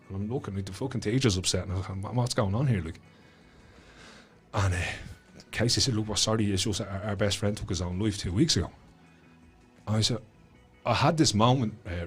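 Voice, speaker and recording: Dublin guy, husky voice, blunt and sweary, telling stories on a podcast, bit of music behind. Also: fairly low pitch. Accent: Dublin Irish. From Ireland. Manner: blunt, swears a lot, animated storytelling. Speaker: guest author and school speaker. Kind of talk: casual podcast chat. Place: studio.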